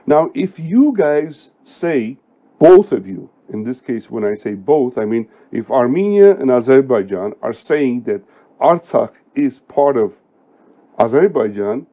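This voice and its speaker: A middle-aged man giving unscripted political commentary, deliberate and emphatic, with frequent hesitations. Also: medium pitch, lively intonation, mellow.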